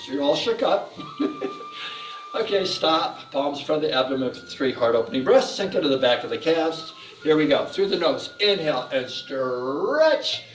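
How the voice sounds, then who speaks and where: A man's voice: on the high side, lively intonation, brisk, far from the mic. A male fitness instructor guiding a class through tapping, stretching and laughter exercises, with upbeat, coaxing cues and chanted laughs. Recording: echoey room, voice off-mic, faint music.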